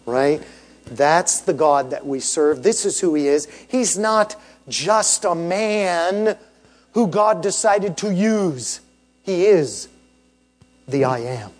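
High-voiced, unhurried preaching man. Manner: emphatic, asks the congregation rhetorical questions and tags "right?". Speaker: pastor. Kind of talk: sermon.

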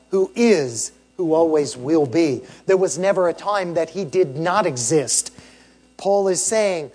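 A man preaching a sermon in a notably high voice. He speaks slowly and deliberately, stressing key words and checking in with "right?" after each point. His delivery is emphatic and teaching. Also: darkish tone, breathy edge. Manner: emphatic, asks the congregation rhetorical questions and tags "right?". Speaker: pastor.

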